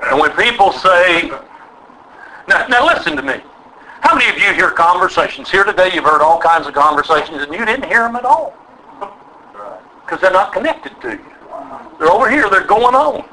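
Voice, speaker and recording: A man's voice: sits high, animated, moderate pace, long pauses, pushed and bright, slight background noise, low-quality recording. An older man preaching a sermon, emphatic and drawing call-and-response from his listeners. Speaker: pastor.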